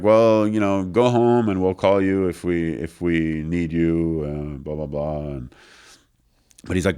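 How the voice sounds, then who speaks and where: A man interview guest casually telling a long anecdote in a studio, acting out the other people in it and using many fillers. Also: very deep voice. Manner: animated anecdote with quoted voices, filler-heavy. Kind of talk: casual storytelling. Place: recording studio.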